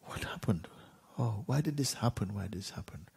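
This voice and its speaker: A man voicing a plump, not very wise king who wails and shouts in a raised voice. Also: on the low side, animated, fairly quick, vocal fry, breathy edge, voice pushed up, heavily acted. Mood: pained, whining.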